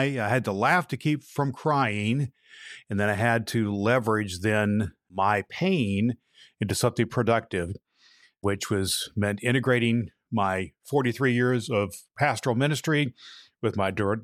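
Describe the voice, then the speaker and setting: A man's voice: on the low side, no room sound, studio quality. A man in his sixties, a retired pastor, hosts a podcast and talks in an earnest, storytelling way with frequent restarts. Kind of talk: casual podcast monologue.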